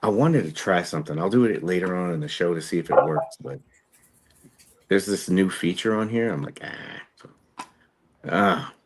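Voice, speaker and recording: A man hosting a casual podcast, relaxed and prone to repeating his phrases. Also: deep voice, normal speed, noisy background. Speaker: podcast host. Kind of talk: casual chat.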